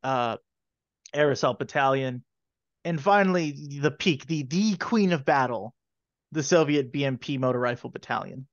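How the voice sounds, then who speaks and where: A man co-hosting a podcast in casual chat, joking in a wry, deadpan way. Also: medium pitch, normal speed, dry recording. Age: younger than middle-aged. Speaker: podcast co-host. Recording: dull lo-fi microphone.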